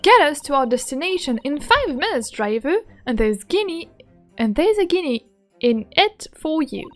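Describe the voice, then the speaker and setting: A woman's voice: sits high, sing-song, normal speed, faint music behind. A woman reading as a polite, bookish young assistant. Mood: cheerful. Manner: reading game dialogue aloud plainly.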